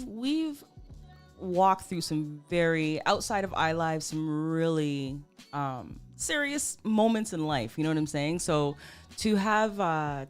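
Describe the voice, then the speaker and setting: A woman with a Toronto accent co-hosts a loose radio chat. Her voice sits on the low side but swings widely as she jokes and teases. Faint music plays in the background. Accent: Canadian, Toronto. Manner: animated, joking, teasing. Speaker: radio co-host.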